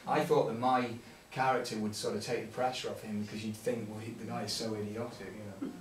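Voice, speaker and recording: A man's voice: fairly low pitch, little pitch movement, fast, a little hiss or hum. A man, director and actor of the film, talking casually at a Q&A, rambling and restarting, laughing often. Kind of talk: casual Q&A talk. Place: theatre hall with audience. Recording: echoey room from far off with audience.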